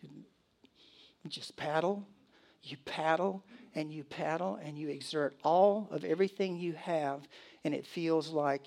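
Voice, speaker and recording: A man's voice: fairly high pitch, takes it slowly, gravelly, darkish tone. A male pastor delivering a sermon in a church, telling stories animatedly with laughs and acted asides.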